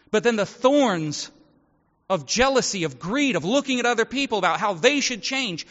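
A high, bright-toned man preaches a sermon in a casual, chatty way, slipping into the voices of people in his stories. His voice rings through a reverberant church hall, and the sound is dull and muffled. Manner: conversational, acts out quoted voices. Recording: echoey hall, dull audio.

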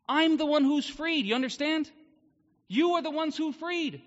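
High-voiced preacher man, booming hall. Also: moderate pace, pushed and bright. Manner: earnest, emphatic preaching with rhetorical questions. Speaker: pastor. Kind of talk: sermon. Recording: muffled sound with long hall reverb.

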